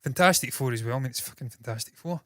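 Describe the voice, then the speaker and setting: Scottish guy ranting about movies, bit nasal, talks fast and swears a lot, dry compressed mic sound, middle pitched. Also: a bit bright, no room sound. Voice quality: slightly nasal. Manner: fast-talking, swears freely, self-mocking. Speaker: entertainment news host. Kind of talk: casual solo commentary. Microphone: processed with equalizers, compression and noise gate.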